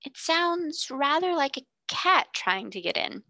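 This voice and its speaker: A woman voicing a kind, gentle young girl who speaks softly and earnestly, often near a whisper. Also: medium pitch, normal speed, creaky, no echo. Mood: tender.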